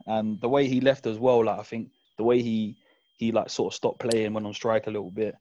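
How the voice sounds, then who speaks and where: A man's voice: lowish voice, level tone, a little fast, mellow, no echo, muffled recording. A young man, chatting candidly and reflectively with fillers on a podcast. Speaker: podcast guest fan. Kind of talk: casual chat.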